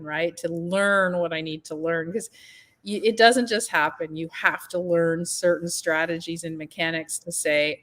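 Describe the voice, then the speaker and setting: A woman's voice: lowish voice, fairly even intonation, a little slow, a bit bright. A woman co-hosting a podcast in casual chat, talkative and encouraging, laughing often. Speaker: podcast co-host.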